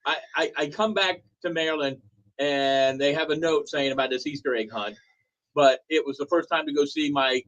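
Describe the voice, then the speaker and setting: A man's voice: fairly high pitch, normal speed, a bit bright. An older man co-hosting a morning show, bluntly teasing his colleagues in casual banter. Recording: dull lo-fi sound.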